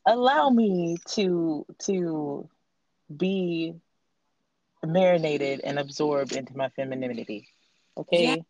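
A woman chatting on a podcast, telling stories in a lively way and laughing often. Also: sits low, slow, highs cut off, a little hiss or hum. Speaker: podcast co-host. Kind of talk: casual chat, storytelling.

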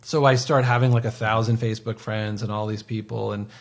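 A man in his forties co-hosting a podcast, talking in a rambling, casual way with lots of fillers and soft trailing endings. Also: fairly low pitch, little pitch movement, a little fast, gravelly. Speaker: podcast co-host. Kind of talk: casual chat.

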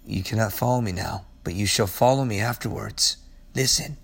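A man in his forties, a pastor preaching and praying in earnest, emphatic bursts that drop to soft prayer. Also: fairly low pitch, moderate pace, gravelly, husky. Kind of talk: sermon and closing prayer. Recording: loud guitar music behind.

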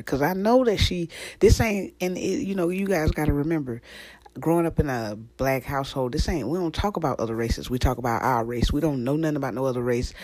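A woman hosting a casual podcast chat, animated and slangy, laughing often. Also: very deep voice, no echo. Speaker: podcast host and musician.

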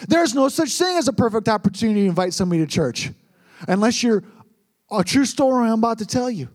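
A man's voice: high voice, lively intonation, quick pace. A young man preaching as pastor, earnest and storytelling, often repeating words for emphasis. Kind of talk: sermon.

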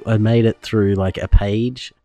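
Brief: male podcast host, low voice, loose and jokey, faint music underneath. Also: steady tone, unhurried, mellow, no room sound. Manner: joking, rambling, many fillers. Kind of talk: casual podcast chat.

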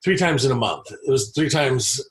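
A man's voice: mid-range voice, lively intonation, normal speed. A man in his forties, a podcast guest, telling stories in a blunt, rambling way. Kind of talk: casual storytelling chat.

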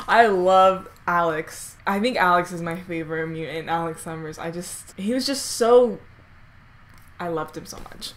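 A woman doing casual reaction commentary on a movie, gushing, laughing and swearing excitedly. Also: on the low side, normal speed, soft background music.

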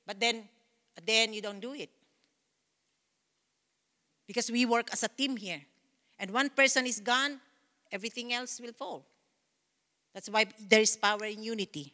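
A woman's voice: a little high, moderate pace, pauses often, bright, forceful tone, in a large hall. A woman pastor preaching a fervent sermon in a church, repeating phrases and breaking into praise. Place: church sanctuary.

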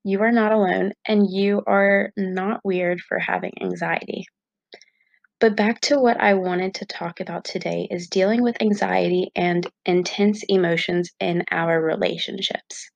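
A woman's voice: medium pitch, fairly even intonation, measured pace, no room sound, muffled recording. A young woman vlogging to her viewers in a candid, chatty way with lots of fillers. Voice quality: gravelly fry. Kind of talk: casual talk to camera.

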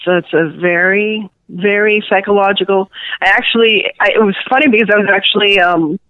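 A woman with a Cuban-New York accent, a guest author, telling a rambling, animated story in a casual interview. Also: mid-range voice, brisk, no echo. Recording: tinny phone line.

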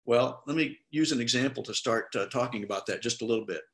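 A man's voice: medium pitch, fast. A middle-aged male pastor giving a sermon, talking conversationally and acting out the people he quotes. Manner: conversational preaching with lively quoted voices.

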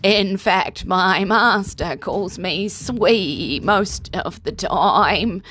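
A woman's voice: on the low side, fairly bright tone, breathy edge, exaggerated voice. A woman voicing Sweet Apple, a cheerful military horse.

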